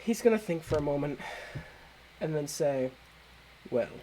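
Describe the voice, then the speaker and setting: Relaxed game master narrating. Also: medium pitch, normal speed, background noise.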